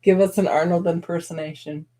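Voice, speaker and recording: Woman, co-host, casual chat, soft-spoken, teasing, mellow, low-ish voice. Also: fairly even intonation, fairly quick. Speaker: radio show co-host.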